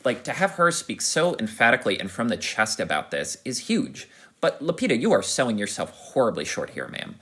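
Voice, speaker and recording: A man's voice: mid-range voice, brisk, breathy edge. A man hosting a podcast, giving an enthusiastic, rambling spoken film review full of restarts and fillers. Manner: animated, rising to excited peaks.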